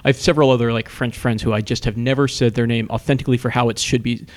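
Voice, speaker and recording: Male co-host, midrange voice, halting and repetitive, quick to laugh. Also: medium pitch, fairly even intonation. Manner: halting, repeats words, laughs easily. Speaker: podcast co-host. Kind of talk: casual chat.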